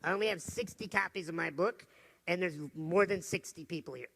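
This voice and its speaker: A man giving an energetic, humorous motivational talk from a stage to a live audience. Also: high voice, a little fast, creaky. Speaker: motivational speaker.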